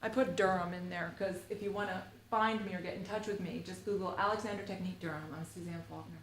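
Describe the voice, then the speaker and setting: Quick-paced and steady, a fairly low-pitched woman in middle age runs a live Alexander Technique workshop. Her talk wanders playfully and is thick with fillers such as "you know" and "like", heard with roomy echo and faint ambient noise.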